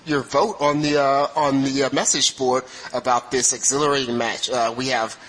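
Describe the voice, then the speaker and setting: A man's voice: mid-range voice, fairly even intonation, normal speed, fairly bright tone, low-quality recording. A man co-hosting a podcast, teasing and hesitant, with many fillers. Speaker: podcast co-host. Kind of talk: casual podcast chat.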